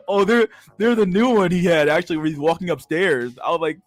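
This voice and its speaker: A young man hosting a livestream, ranting casually with heavy swearing and loud bursts of laughter. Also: high voice, lively intonation, fairly quick, dry recording. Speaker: livestream host.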